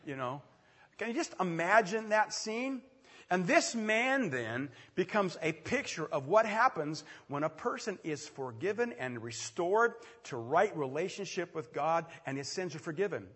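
Male pastor, animated storyteller, slightly raised pitch, long hall reverb. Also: slightly rough. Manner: animated storytelling with quick asides and sudden loud swells. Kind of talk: sermon.

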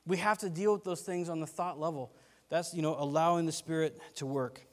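Rambling preacher in a reverberant hall. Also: male voice, fairly high pitch, a little fast. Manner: rambling, self-deprecating, gets animated telling stories. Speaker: pastor. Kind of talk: casual sermon.

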